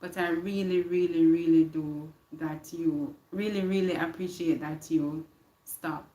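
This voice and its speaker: Jamaican woman livestream host, unhurried delivery, lower voice, reverberant room. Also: fairly even intonation, a little hiss or hum. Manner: warm, repeats words, greets viewers by name. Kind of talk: casual live-stream chat with viewers.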